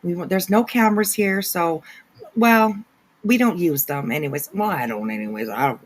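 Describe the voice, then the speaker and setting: A woman's voice: on the low side, moderate pace, rough recording. A woman hosting a casual livestream, greeting chatters by name with giggly asides. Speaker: livestream host. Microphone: no camera, voice only.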